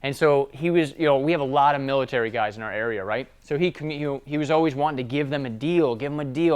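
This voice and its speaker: A man's voice: on the high side, fast talker, hardly any pauses, smooth. A man giving a casual sales training talk, telling stories and often checking in with tag questions. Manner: conversational storytelling, tag questions.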